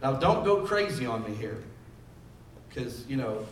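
A man's voice: mid-range voice, very animated, unhurried, far from the mic, a little hiss or hum. A man preaching a sermon in a conversational style, building up emphasis on key phrases. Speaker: pastor. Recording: echoey room, voice from off mic.

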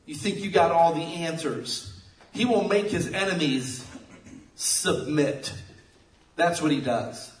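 A man preaching a sermon, telling jokey stories with sudden loud outbursts. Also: a little high, slow pace, long pauses. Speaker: pastor. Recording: echoey room, mic at a distance.

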